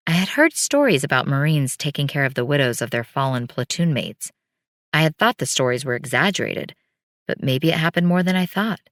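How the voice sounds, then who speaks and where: A woman's voice: extremely low pitch, lively intonation, moderate pace, a bit bright, dry recording, clean studio sound. A woman narrating a first-person story as an audiobook, in a wry, bitter tone.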